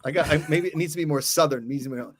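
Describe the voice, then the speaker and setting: A man hosting a casual sports chat, ranting in an animated way and then apologizing for yelling. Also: on the high side, very fast, no room sound. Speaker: podcast host.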